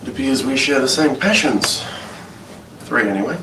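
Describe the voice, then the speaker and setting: A man auditioning as a suave male secret agent, reading his lines in a measured, committed way. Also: mid-range voice, close to an everyday voice. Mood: smooth. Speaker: auditioning actor. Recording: distant, echoey hotel-room tape with hiss.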